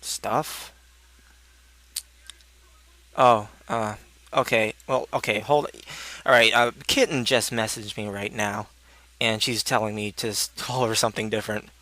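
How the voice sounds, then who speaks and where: A man's voice: on the low side, steady tone, a little slow, pauses often, pushed and bright, no room sound. Sardonic young man rambling casually. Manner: sardonic, rambling, swears freely. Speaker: video blogger answering questions.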